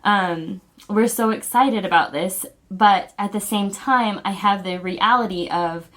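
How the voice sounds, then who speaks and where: A woman vlogger speaking in an earnest, heartfelt, halting way as she shares personal family news straight to camera. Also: medium pitch, a bit bright. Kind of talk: personal video announcement.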